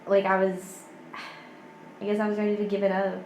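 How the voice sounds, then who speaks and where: A young woman in her twenties, a podcast guest chatting casually and softly, with lots of "like". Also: medium pitch, monotone, a little fast, reverberant, a little hiss or hum, rough recording. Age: 20s. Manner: soft-spoken, heavy use of "like". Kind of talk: casual chat.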